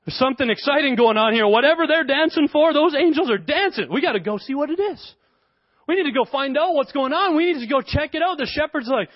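A young man preaching a sermon as a pastor, animated and conversational with playful asides. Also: very high voice, a little fast, no room sound. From Canada. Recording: dry, dull lo-fi sound.

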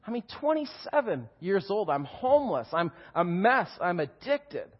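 A man in his forties tells his personal testimony in church, speaking in an emotional, animated way with laughter and swings in loudness. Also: sits high, moderate pace, husky, muffled recording. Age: 40s. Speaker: guest speaker giving testimony.

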